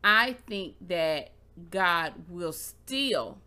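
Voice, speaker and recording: A woman's voice: on the low side, expressive, drawn-out words, sharp tone, clean tone. A woman in a casual faith conversation, reasoning aloud and insisting on being heard.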